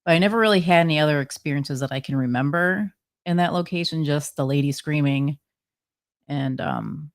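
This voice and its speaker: A woman's voice: low voice, a little fast. A woman co-hosting a podcast, telling her stories in a chatty way with lots of fillers and laughs. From New Jersey. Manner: chatty storyteller, laughs often, many "like" fillers. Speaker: co-host, paranormal investigator. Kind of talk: casual podcast chat.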